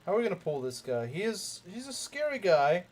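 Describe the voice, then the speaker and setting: A man's voice: sits high, sing-song, brisk. A young man commenting casually on a strategy game as he plays, rambling, repeating himself and making jokey asides to his chat. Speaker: let's play streamer.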